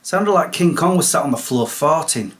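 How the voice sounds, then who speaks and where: A man's voice: on the high side, animated, normal speed. Sarcastic chatty male vlogger. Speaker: vlogger host. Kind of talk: comedic solo vlog.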